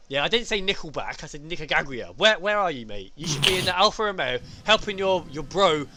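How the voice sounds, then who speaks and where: A man's voice: on the high side, animated, noisy background. A man doing live commentary for an online racing league, chatty and joking with his co-host. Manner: chatty, jokey, quick banter with co-host. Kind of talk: live race commentary on stream.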